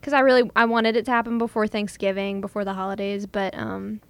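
A woman's voice: mid-range voice, little pitch movement, fast, no echo. A young woman, chatting casually and acting out what others said as she tells a story. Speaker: guest telling a proposal story. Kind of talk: casual chat.

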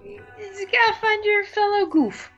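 A woman co-hosting a podcast in casual chat, expressive, jokey and blunt. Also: very high voice, normal speed, muffled recording, faint music behind. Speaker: podcast co-host.

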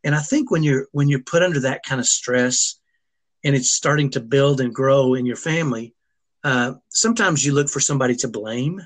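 A middle-aged man telling a personal family story as an interview guest, earnest and emotional, often restarting his sentences. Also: medium pitch. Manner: earnest, halting, with frequent restarts.

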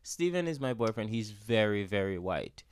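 A man's voice: on the low side, big pitch swings, normal speed, smooth. A man appearing as a podcast guest in casual chat, flamboyant, dramatic and gossipy, recorded on a podcast mic in a small closet room. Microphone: podcast microphone.

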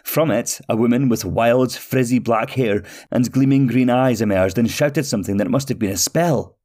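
A man hosting a storytelling podcast, reading a fairy tale in steady, expressive narration. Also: mid-range voice, normal speed.

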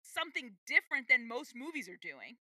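A woman's voice: on the high side, sing-song, brisk, pushed and bright, no room sound. A woman co-hosting a podcast, chatting casually with enthusiastic, rambling asides. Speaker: podcast co-host. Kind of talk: casual chat.

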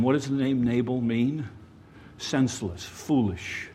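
Animated male preacher, loud then hushed. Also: mid-range voice, a little slow, husky. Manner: animated, swings between loud emphasis and quiet asides, addresses the congregation. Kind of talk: sermon.

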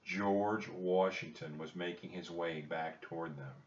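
A man narrating a children's storybook in a calm, measured reading. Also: low voice, recorded from a distance, lo-fi sound.

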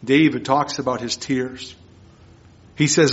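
A man preaching a sermon as pastor, earnest, moving between hushed and emphatic lines. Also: a little high, lively intonation, measured pace, long pauses. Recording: dull lo-fi sermon recording.

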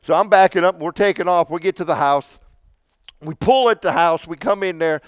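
A man's voice: high voice, moderate pace, clear, resonant tone, no echo. A man casually telling a long personal story, rambling and repeating himself with frequent restarts.

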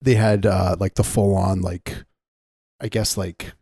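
A man in an improvised comedy chat, talking deadpan with halting fillers. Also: sits low, gravelly, breathy edge, no echo, clean studio sound.

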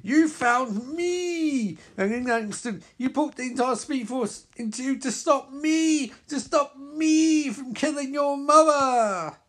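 A man reading out the lines of a gloating male super-speed villain in a comic recap, with a loud, theatrical, taunting delivery. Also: slow pace, hardly any pauses, heavily acted. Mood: menacing. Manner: taunting, theatrical, louder and higher than his own voice. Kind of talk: comic recap with read-out character voices.

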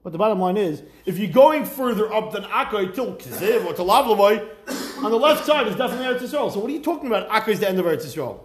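A man teaching a Talmud class, lively and questioning, mixing Hebrew and Aramaic terms into his English. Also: high-pitched, quick pace, reverberant, background noise.

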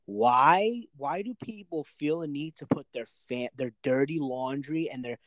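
A man's voice: mid-range voice, a little slow, fairly bright tone, dry recording. A young man co-hosting a podcast in casual, profane banter, ranting and mocking with frequent laughter. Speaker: podcast co-host.

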